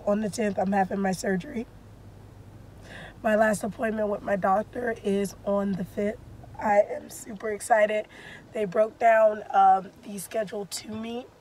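Hoarse woman, voice giving out. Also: medium pitch, darkish tone, a little hiss or hum. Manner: strained voice breaking into whispers. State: hoarse, losing her voice. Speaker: vlogger. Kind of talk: casual vlog. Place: in a car.

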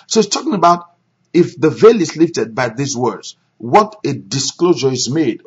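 A man's voice: medium pitch, sing-song, normal speed, slightly rough. A man preaching and praying as a pastor on a conference call, stressing his points by repeating phrases. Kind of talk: sermon and prayer on a conference call. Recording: dull lo-fi conference call recording.

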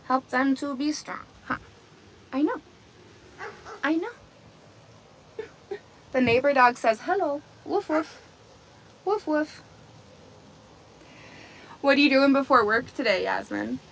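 A woman's voice: high voice, measured pace, vocal fry, pauses often, a bit bright, slight background noise. A woman hosting a casual livestream outdoors among her goats, talking into a phone on a selfie stick, cooing baby talk to the animals and laughing often. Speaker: livestream host on a goat farm.

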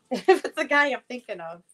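A middle-aged woman with a slightly high voice runs a casual live jewelry sale. She chats in an upbeat, rambling way, showing pieces and greeting viewers by name as she goes. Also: big pitch swings, moderate pace, a bit bright, slight background noise. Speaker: live-stream jewelry seller.

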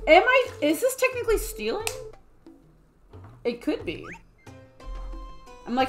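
A woman streaming a video game, chatting casually with playful giggles and bursts of excitement. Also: medium pitch, moderate pace, long pauses, soft background music. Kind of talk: casual let's-play commentary.

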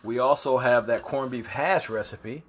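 Man, cooking show host, excitable and joking, home kitchen, noisy recording. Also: normal speed. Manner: excitable, joking, with sudden high yelps. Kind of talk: casual cooking demonstration.

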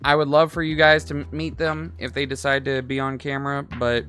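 A man's voice: mid-range voice, flat delivery, brisk, pushed and bright, smooth, faint music behind. A man in his twenties chatting casually while building a toy, rambling, talking to himself and swearing freely. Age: 20s. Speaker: streamer.

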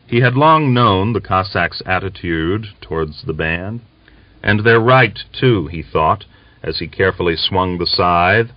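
A man narrating a novel as an audiobook reader, in a measured, even storytelling manner. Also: deep voice, no echo, dull audio. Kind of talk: scripted narration.

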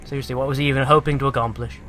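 A man's voice: medium pitch, fairly even intonation, rapid-fire, a bit bright, slight background noise. A British man giving sarcastic, profane let's play commentary and taunting the enemies on screen.

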